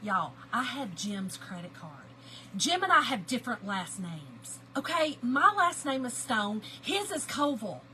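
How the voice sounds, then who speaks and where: A middle-aged woman, chatting and telling animated family stories to viewers while she crafts on a livestream. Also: on the high side, unhurried, slight background noise, rough recording. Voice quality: lively, animated storyteller, greets chat viewers by name.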